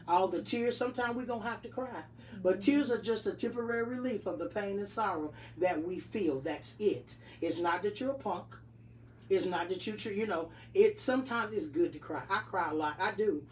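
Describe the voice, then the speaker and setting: A middle-aged woman in casual chat, giving animated, preachy encouragement and playful self-talk. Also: lowish voice, fairly quick. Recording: distant mic with faint noise.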